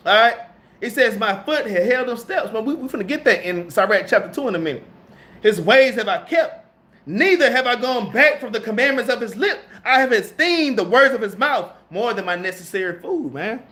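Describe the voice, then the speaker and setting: High-voiced preacher who keeps saying "man". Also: a bit bright. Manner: conversational, slangy, keeps saying "man" and "all right?"; reads scripture aloud and then riffs on it. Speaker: preacher teaching a Bible class. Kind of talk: street-style sermon.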